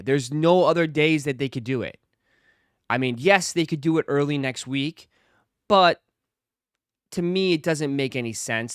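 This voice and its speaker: A man's voice: medium pitch, a bit bright, clean tone, no room sound, studio quality. A man hosting a casual livestream, talking straight to his chat viewers and repeating phrases for emphasis. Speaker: livestream host.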